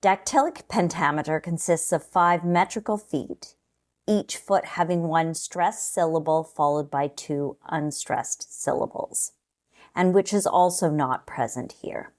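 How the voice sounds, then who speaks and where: A woman walks through practice questions in a calm, scripted lesson voice. She speaks slowly and deliberately, with a fairly low pitch, explaining each step with care. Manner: slow, measured, explanatory. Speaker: test prep teacher.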